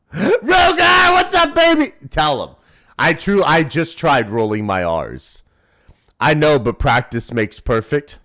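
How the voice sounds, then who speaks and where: A man's voice: sing-song, takes it slowly. Rowdy profane male streamer in his thirties. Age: 30s. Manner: rowdy, profane, teasing, swings between loud shouts and low mumbles. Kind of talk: casual live-stream chat.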